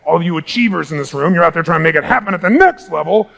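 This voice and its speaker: Booming gravelly male motivational speaker. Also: rapid-fire. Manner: booming, energetic, swinging from hushed to shouting. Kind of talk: live motivational seminar talk. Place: large hall with live audience.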